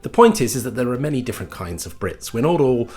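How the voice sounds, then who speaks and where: A man's voice: medium pitch, very animated, quick pace, darkish tone. A man with a British accent delivering a scripted comic monologue with dry, sardonic mock outrage. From Britain. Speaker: comedy host.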